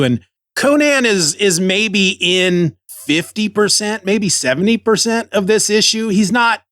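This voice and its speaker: Chatty man, slightly high voice. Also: moderate pace, a bit bright, no room sound, clean studio sound. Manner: chatty, enthusiastic. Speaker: podcast host. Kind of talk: comic book recap podcast.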